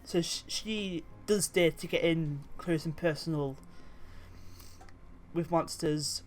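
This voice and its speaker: Slow-talking British woman chatting. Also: deep voice, darkish tone, a little hiss or hum. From Britain. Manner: chatty and swearing, trailing off mid-thought. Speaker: YouTuber reading memes. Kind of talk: casual commentary on tabletop game memes.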